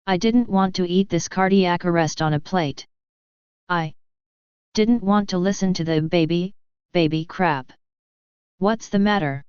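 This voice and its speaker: A woman narrating a novel in the first person as an audiobook reader, with slow, even storytelling. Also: on the low side, smooth, no room sound. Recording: slightly dull, dry close recording.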